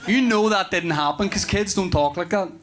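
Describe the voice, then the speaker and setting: A man in his thirties with a Northern Irish accent, doing a rambling, animated stand-up routine with swearing. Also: high-pitched, moderate pace, a faint crowd. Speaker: stand-up comedian. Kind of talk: stand-up comedy. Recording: live show with audience noise. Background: audience laughter.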